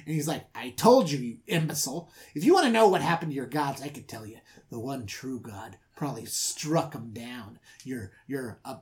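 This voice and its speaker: A man's voice: medium pitch, natural voice. A man playing an overworked young man in an indignant, preachy rant.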